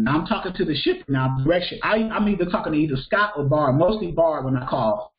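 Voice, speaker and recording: This freight broker trainer talks fast in a fairly high voice with lively intonation, though the audio is dull. He's conversational and repetitive, often pausing to ask whether students are keeping up.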